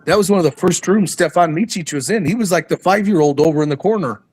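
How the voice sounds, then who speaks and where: A man's voice: high-pitched, fast, a little mellow. An older man, a wrestling coach guest, telling old stories in casual conversation. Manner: reminiscing storyteller. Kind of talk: casual chat.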